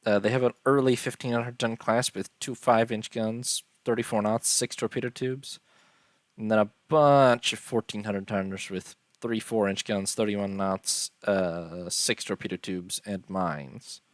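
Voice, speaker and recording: A man giving casual, unhurried commentary on a strategy game, tired and yawning, filling pauses with ums and uhs. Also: fairly low pitch, fairly even intonation, no room sound. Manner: unhurried, listing details with many ums and uhs. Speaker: strategy game let's-player.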